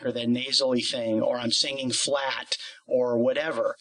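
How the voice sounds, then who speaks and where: A man's voice: mid-range voice, little pitch movement, moderate pace, crowd noise, poor audio. A man interviewing a singing teacher, explaining ideas at length with plenty of qualifiers and asides. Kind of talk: conversational interview.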